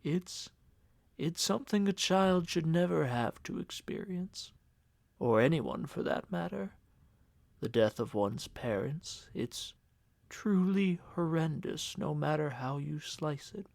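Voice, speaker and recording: A man voicing a cold, pious middle-aged uncle who murmurs slowly and solemnly. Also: animated, creaky, darkish tone, dry recording, exaggerated voice. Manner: low, murmuring, slow and heavy.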